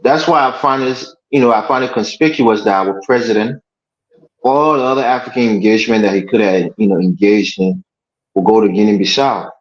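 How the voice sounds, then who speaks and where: A man hosting a political panel discussion, making his case in a measured, argumentative way. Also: on the low side. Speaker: panel host. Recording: echoey room, dull lo-fi audio.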